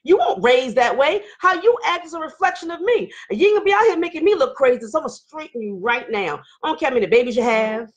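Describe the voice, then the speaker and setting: A woman's voice: high voice, big pitch swings, fast, hardly any pauses. A middle-aged woman hosting a live online talk show, reading viewer comments and preaching with fired-up energy, hollering at times.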